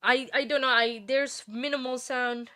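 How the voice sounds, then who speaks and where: A woman's voice: sits high, fairly even intonation, moderate pace, pushed and bright, no room sound, clean studio sound. Chatty woman hosting a livestream. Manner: chatty, many fillers and restarts. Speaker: livestream host. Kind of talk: casual livestream chat.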